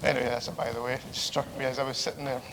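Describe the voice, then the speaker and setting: A middle-aged man giving a relaxed, joking lecture as a theology professor, often pausing on fillers. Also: mid-range voice. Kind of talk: conversational lecture. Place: large lecture hall. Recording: reverberant hall with faint background noise.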